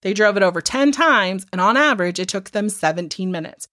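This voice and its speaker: Animated woman retelling a true crime case. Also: medium pitch, brisk, dry recording, clean studio sound. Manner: animated, swearing, acts out people's lines. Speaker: podcast co-host. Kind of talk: casual true crime chat.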